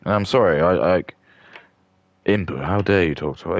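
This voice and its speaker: A man's voice: sits low, moderate pace, gravelly, no room sound. A man ranting in a crude, rambling way as a streamer doing mock commentary. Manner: rambling, crude, with many restarts and fillers.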